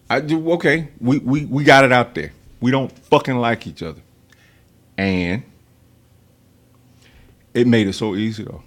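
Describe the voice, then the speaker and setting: A man's voice: medium pitch, animated, moderate pace, long pauses. A man, hosting a podcast and telling stories in a blunt, profane way. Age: 50s. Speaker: podcast host. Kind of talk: casual podcast chat.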